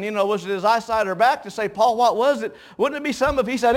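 A man's voice: high-pitched, fast talker, few pauses. A man preaching a folksy sermon, telling homespun stories, chuckling often and stumbling over repeated words.

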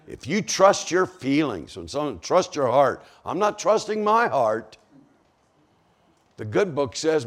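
Male preacher with wildly swinging delivery. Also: a little high. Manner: dramatic swings from hushed to shouting, acting out the psalmist. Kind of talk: sermon.

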